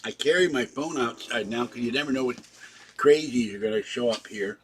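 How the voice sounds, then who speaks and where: A man's voice: mid-range voice, brisk, slight background noise. A man telling a long, rambling personal story in a casual vlog, recounting events in the present tense. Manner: breaks off to talk softly to his cats. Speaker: vlogger.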